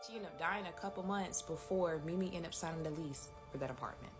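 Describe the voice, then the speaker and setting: A woman's voice: fairly low pitch, fast. Chatty woman telling a creepy storytime. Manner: chatty, addresses viewers directly. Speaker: storytime host. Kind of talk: casual storytime narration. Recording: music playing behind the voice.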